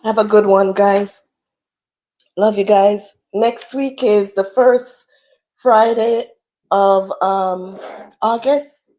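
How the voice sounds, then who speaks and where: Woman livestream host, tearful and preaching, warm and slow. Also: medium pitch, fairly even intonation. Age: adult with children. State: crying at times. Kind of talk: emotional livestream talk.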